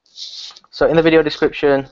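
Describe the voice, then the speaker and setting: A man's voice: on the high side, little pitch movement, normal speed, lo-fi sound, slight background noise. Chatty man streaming live. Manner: rambling, chatty, addressing viewers. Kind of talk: casual live stream chat. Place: relative's house, indoors.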